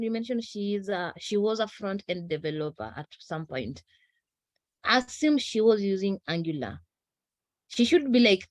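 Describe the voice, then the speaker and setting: Brief: female participant, slow, deliberate delivery, dry close sound, earnest recap. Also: mid-range voice, dry recording. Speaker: audience participant. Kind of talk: casual recap.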